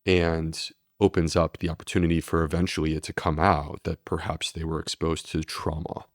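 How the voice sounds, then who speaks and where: Deep-voiced man explaining earnestly. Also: little pitch movement, normal speed, dry recording, clean studio sound. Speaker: gastroenterologist guest. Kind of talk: podcast interview.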